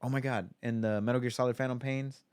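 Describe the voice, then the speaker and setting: A man in casual podcast chat, his voice smooth and clear. He rambles with lots of fillers. The sound is dry and close to the mic. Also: mid-range voice, fairly even intonation, fast, darkish tone, no echo. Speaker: podcast co-host.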